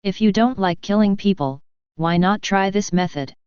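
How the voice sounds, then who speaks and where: A woman voicing a seductive, cruel female succubus demon who speaks softly and coquettishly in an audiobook. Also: medium pitch, moderate pace, clean tone, dry recording, highs cut off, close to an everyday voice. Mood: teasing. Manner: soft, coquettish and teasing.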